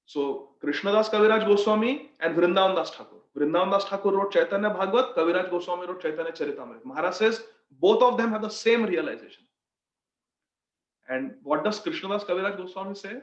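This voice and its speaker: A man's voice: sits high, animated, quick pace. A man leading a devotional scripture class, explaining with stories and addressing listeners as dear friends. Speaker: scripture teacher. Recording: roomy, dull lo-fi sound.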